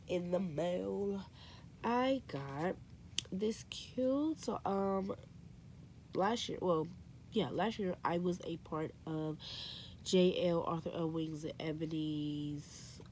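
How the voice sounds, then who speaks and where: A woman's voice: lowish voice, slight background noise. Chatty young woman book vlogger. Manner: chatty, excitable, says "like" and "y'all". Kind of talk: casual vlog chat to camera.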